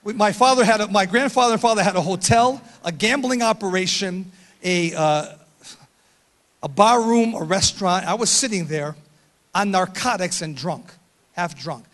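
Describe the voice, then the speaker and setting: High-pitched, shouting older preacher. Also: male voice, moderate pace. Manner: loud, emphatic preaching that swings to quiet storytelling. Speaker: pastor. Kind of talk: sermon.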